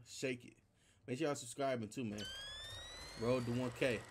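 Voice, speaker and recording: A man's voice: mid-range voice, steady tone, moderate pace, noisy background. Chatty young man hosting a reaction. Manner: loose and chatty, tosses in 'man' and 'bruh'. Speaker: YouTube reaction host. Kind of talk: casual reaction commentary.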